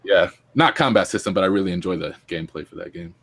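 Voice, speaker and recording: Deep-voiced guy hosting a gaming podcast. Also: lively intonation, fast talker, a bit bright, slightly rough. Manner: enthusiastic, many fillers and restarts. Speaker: podcast host. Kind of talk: casual gaming podcast chat.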